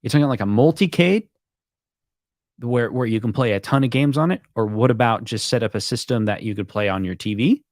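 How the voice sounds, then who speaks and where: A man's voice: mid-range voice, expressive, fairly quick, darkish tone, no room sound, clean studio sound. A man hosting a casual late-night chat, telling a long rambling anecdote and acting out both sides of the conversation. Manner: rambling storyteller, acts out quoted exchanges. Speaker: host.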